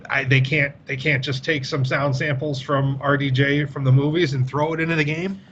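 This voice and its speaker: A young man co-hosting a gaming podcast in casual chat, delivering dry, deadpan, crude jokes. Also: on the high side, normal speed. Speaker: podcast co-host. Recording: dull remote audio with faint noise.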